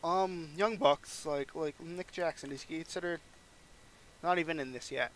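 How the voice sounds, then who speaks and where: A man's voice: on the high side, normal speed, a bit bright, a little hiss or hum. A young man casually narrating a wrestling management game playthrough, rambling and acting out characters' lines. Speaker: gaming channel host.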